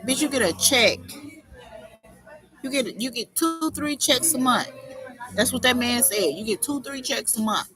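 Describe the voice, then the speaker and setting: A woman's voice: high voice, lively intonation, normal speed, long pauses, music in the background, low-quality recording. A woman hosting a livestream, scolding someone in a confrontational, profane, unscripted rant. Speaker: livestream host.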